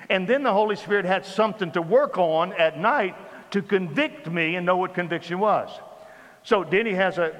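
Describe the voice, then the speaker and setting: Man preaching in a reverberant hall. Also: high voice. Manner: animated storytelling with repeated phrases. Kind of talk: sermon testimony.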